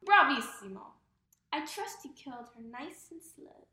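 A woman voicing a vain, spoiled queen who yells vicious, bossy orders. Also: high-pitched, expressive, moderate pace, slight background noise. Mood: gloating. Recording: roomy echo.

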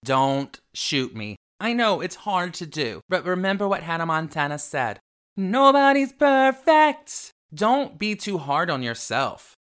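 A man's voice: on the high side, lively intonation, moderate pace, hardly any pauses, pushed and bright. A man hosting an upbeat self-help radio show, theatrical and calling listeners darling. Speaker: host.

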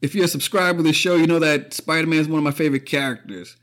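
A man's voice: fairly high pitch, fairly even intonation, racing, fairly bright tone. A man hosting a podcast, talking through a casual opinion monologue, emotional and profane, choking up and laughing often. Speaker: podcast host.

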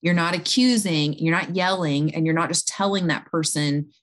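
Calm, lowish woman explaining patiently. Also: moderate pace. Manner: calm, explanatory, talks listeners through examples. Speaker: interview guest. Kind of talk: conversational advice.

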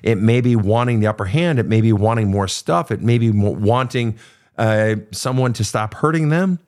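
A man's voice: lowish voice, moderate pace. A middle-aged man hosting a podcast, giving blunt, profane advice to listener questions in a casual monologue. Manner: blunt, profane, animated storytelling.

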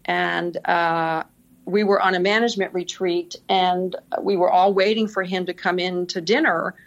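A woman's voice: on the low side, fairly even intonation, moderate pace, dull audio. A middle-aged woman, a podcast guest, telling work stories casually and laughing often. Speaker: podcast guest, senior executive assistant. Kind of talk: casual interview storytelling.

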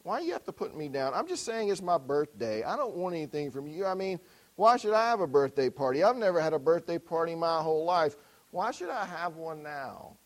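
A man preaching takes on a lonely woman approaching her thirty-ninth birthday. She comes out high and loud, then quickens into hurt, defensive protest. The voice stays within a sermon anecdote. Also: big pitch swings.

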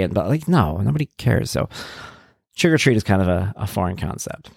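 Animated storytelling man with a low voice. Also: quick pace, gravelly, no echo, studio quality. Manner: animated storytelling, gets worked up, acts out quotes. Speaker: podcast host, parent of an autistic son. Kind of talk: casual podcast monologue.

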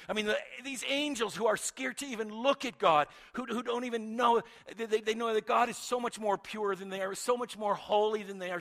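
High-pitched guy preaching, gets loud then drops way down quiet, repeats himself. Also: gravelly. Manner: dramatic swings from loud to hushed, repeats words. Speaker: pastor. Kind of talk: sermon.

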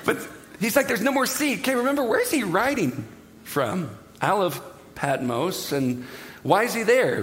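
A middle-aged pastor preaches with a voice pitched a little higher than most men's. He tells jokey stories in an animated way, then drops to a hush to pray. The sound carries a long echo from a large hall. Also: slight background noise. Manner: animated, jokey storytelling that drops to a hushed prayer. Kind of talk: sermon. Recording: echoey hall.

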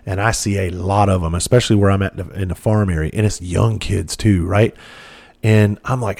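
A man's voice: low-pitched, steady tone, normal speed, gravelly, a little mellow. A man, a former police officer telling rambling, profane stories with lots of fillers. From southern United States. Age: 40s. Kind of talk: casual storytelling monologue.

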